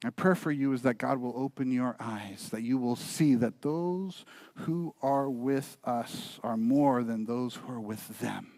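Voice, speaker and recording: Unhurried and mid-range, this pastor's voice moves from storytelling to earnest, quieter urging of the congregation during his church sermon. The recording has no echo.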